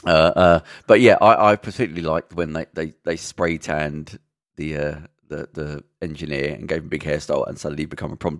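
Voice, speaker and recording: A man co-hosting a casual podcast chat, animated and swearing freely as he tells stories. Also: rumbling low, moderate pace, no echo, clean studio sound. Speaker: podcast co-host.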